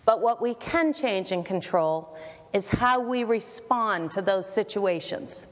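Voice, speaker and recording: A woman giving part of a shared sermon, measured and encouraging. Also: medium pitch, animated, big-room sound.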